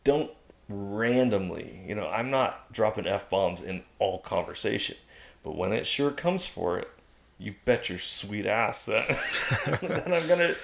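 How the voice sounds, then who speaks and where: A man's voice: lowish voice, animated, a little slow, gravelly, a little hiss or hum. A man talking as a guest on a podcast in a casual chat, emphatic and preachy as he drives his points home.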